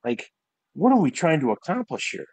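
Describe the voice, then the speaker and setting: A man's voice: a little high, very animated, normal speed, darkish tone, no room sound, low-quality recording. A man co-hosting a casual podcast chat, blunt and joking. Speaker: podcast co-host.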